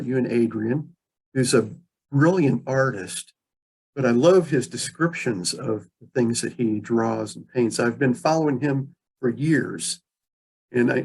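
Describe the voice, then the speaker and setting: A man's voice: mid-range voice, a little slow, gravelly, husky. Man hosting an online interview. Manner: warm, rambling, full of praise. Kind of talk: casual interview.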